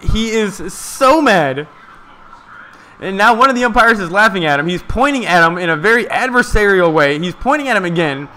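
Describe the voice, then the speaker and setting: A man giving casual, excited live play-by-play of a ball game from a stream, chatting to his viewers. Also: high-pitched, fast talker, few pauses, slight background noise.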